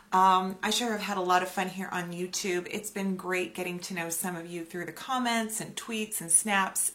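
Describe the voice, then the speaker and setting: Chatty woman in her forties, bright voice. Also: on the low side. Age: 40s. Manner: chatty, animated, acts out quoted voices. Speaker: beauty YouTuber. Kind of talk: casual chatty vlog.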